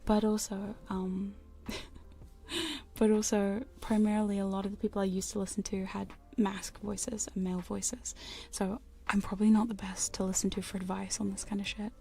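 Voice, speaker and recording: Speaking at a normal speed in a soft, gravelly whisper, a woman ASMR streamer rambles and giggles while reading her chat aloud. Her mid-range voice stays fairly even, picked up by a studio condenser microphone.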